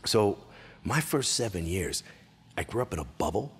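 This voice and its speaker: A Canadian man in his forties, a comedian hosting his own show, telling a crude, animated life story and breaking into loud impressions and yells. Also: on the low side, normal speed, slight background noise. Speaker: comedian host.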